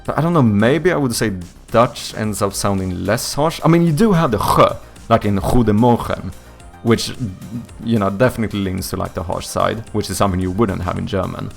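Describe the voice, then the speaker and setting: A young man from Sweden speaks English with a light Swedish accent and a low, gravelly voice. He chats loosely with his stream viewers, wandering through his thoughts, hunting for the right word and swearing in passing. Faint music sits behind him. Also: brisk. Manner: rambling, searches for words, swears casually. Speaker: streamer and indie game developer. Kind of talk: casual live-stream chat with viewers.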